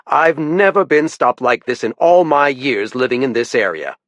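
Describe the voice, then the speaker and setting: Stern old rich guy, narrator doing him, baritone, haughty, dry close audio. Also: expressive, moderate pace, a bit bright, no echo, lightly acted. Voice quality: baritone, aristocratic. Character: aristocratic older man, stern baritone.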